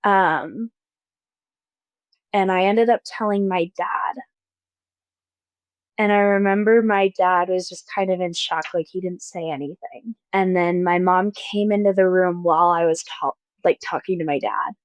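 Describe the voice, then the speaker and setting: A young adult woman on close mic, telling a personal story as an interview guest in a soft, hesitant way, with many likes and restarts. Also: on the low side, steady tone, a little slow, clear, resonant tone, dry recording. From Mormon-majority town in the US.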